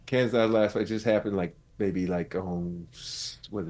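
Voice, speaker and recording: A man in his fifties co-hosting a podcast, chatting casually and telling animated stories that act out both sides of an argument. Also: moderate pace. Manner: animated storyteller, acts out his own and his wife's yelling in a high voice. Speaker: podcast co-host. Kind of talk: casual chat.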